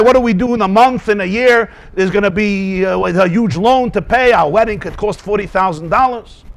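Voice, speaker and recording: Male rabbi, Talmud class lecture; high, very lively delivery with rhetorical questions. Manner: animated, asks rhetorical questions, mixes in Yiddish and Hebrew terms.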